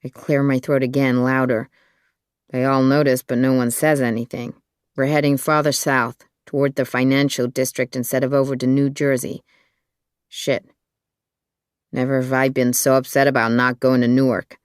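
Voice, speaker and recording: An audiobook narrator reading a thriller in an even, measured storytelling manner. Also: mid-range voice, clean tone, dry recording, clean studio sound.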